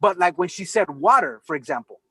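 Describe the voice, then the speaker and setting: High, lively male voice, dry close sound, casual storyteller who swears a lot on a video call. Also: brisk, breathy edge, no echo. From California. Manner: animated storyteller, swears freely. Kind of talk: casual chat.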